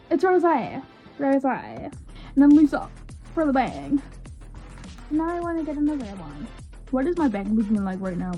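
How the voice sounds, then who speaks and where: Young woman vlogger, excitable casual chatter, high voice, soft faint music underneath. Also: moderate pace, long pauses. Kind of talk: casual unboxing vlog.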